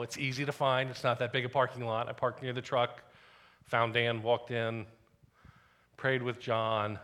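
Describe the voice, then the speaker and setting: Bright-voiced pastor telling a story. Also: male voice, medium pitch. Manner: conversational storytelling with dips to quiet asides. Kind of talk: sermon.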